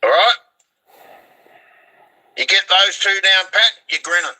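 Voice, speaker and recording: Bright-voiced Australian man in his sixties. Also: high voice, measured pace, poor audio. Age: 60s. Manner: blunt, laconic, swears freely. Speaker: guest. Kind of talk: casual chat.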